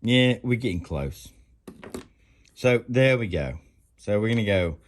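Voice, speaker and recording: A man hosting a casual workbench vlog, rambling and laughing, breaking into sudden high whoops. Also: lively intonation, a little slow, pauses often. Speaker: channel host. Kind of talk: casual tool-bench vlog.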